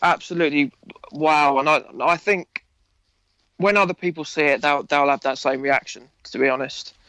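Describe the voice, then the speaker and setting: A man's voice: a little high, fairly even intonation, normal speed, sharp tone, clean tone, no echo, poor audio. A man with an Essex accent talking enthusiastically and ramblingly about his acting work in a casual interview. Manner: enthusiastic, rambling, laughs often. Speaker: actor interviewee.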